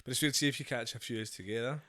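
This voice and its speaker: A man's voice: medium pitch, very fast, pushed and bright. A Scottish man, a comedian guest, talking casually on a podcast with a mumbly, swearing, laughing manner. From Scotland.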